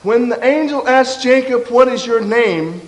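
A man preaching a sermon with passion, dropping low and soft when he voices a confession. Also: unhurried, reverberant, big-room sound, low-quality recording. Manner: impassioned, drops low and soft for quoted confessions.

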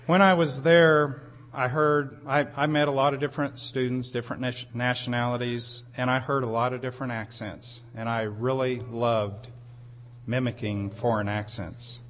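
A man's voice: mid-range voice, level tone, moderate pace, fairly bright tone. A man preaching a sermon, telling a personal story in an earnest way, with emphatic rises on key phrases. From United States.

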